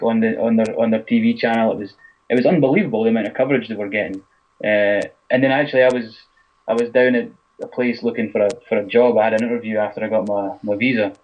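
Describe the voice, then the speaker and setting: A man's voice: fairly low pitch, steady tone. A man with a Scottish accent, a guest football writer talking in casual podcast chat, rambling with lots of fillers. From Scotland. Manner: fast, rambling, lots of "you know". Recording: muffled lo-fi podcast audio.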